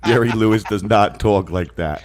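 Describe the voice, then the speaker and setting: A man joining a casual online chat, rambling and joking, often jumping into high mocking voices. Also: moderate pace, a crowd in the background. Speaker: guest dropping in.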